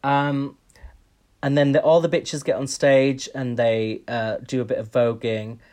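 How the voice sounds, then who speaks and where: A man's voice: mid-range voice, level tone, unhurried, a little mellow. A man co-hosting a podcast, chatting casually and opinionated, with frequent ums. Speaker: podcast co-host. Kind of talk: casual chat.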